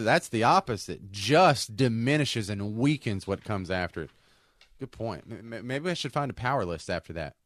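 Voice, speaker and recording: A man's voice: medium pitch, fairly bright tone, no echo, studio quality. A man co-hosting a casual talk show, rambling and often restarting his sentences. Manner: rambling, self-interrupting with restarts. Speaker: co-host.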